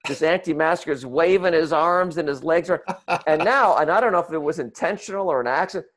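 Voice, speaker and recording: A man telling a comic story to an audience, animated and acting out the people in it. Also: fairly high pitch, fast. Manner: animated, acts out voices and shouts in the retelling. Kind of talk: comic anecdote told to an audience.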